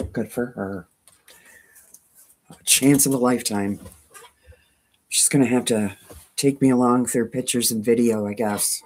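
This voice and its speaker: A woman's voice: a bass voice, darkish tone, breathy edge. A woman with a twangy voice hosting a quilting channel, chatting casually with viewers, self-mocking and laughing often. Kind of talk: casual live chat, reading viewer comments.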